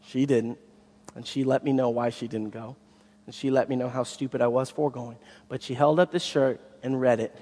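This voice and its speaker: Pastor guy preaching, lively storyteller, goes loud then hushed, long echo from the big room. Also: medium pitch, normal speed. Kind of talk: sermon. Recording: long hall reverb.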